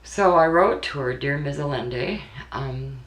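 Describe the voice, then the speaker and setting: A woman's voice: a bass voice, measured pace. Emotional woman recalling, echoey room. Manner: earnest, emotional, repeats words. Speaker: grieving mother telling her story. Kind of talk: personal spoken recollection.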